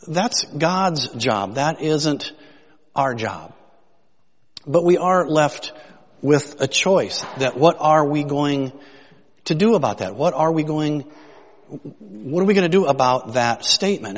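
A man preaching a sermon as pastor, in a conversational style that rises in emphasis when he asks questions. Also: mid-range voice. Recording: long reverb of a hall.

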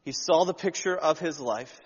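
A man's voice: a little high, normal speed, slightly rough. A man giving an earnest Bible teaching sermon, telling the story plainly and leaning into emphasis when he paraphrases. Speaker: preacher. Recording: dull lo-fi sound with long hall reverb.

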